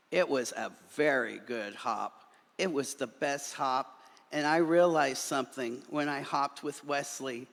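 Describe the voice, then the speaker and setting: A male minister reading a children's story aloud in a church, doing animated voices for the characters. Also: medium pitch, vocal fry. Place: church sanctuary. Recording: long reverb of a large hall.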